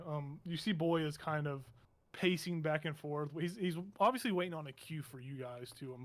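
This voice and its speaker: A man narrating a tabletop game as game master in a meandering, halting way with many restarts. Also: fairly high pitch. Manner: meandering, halting, self-correcting.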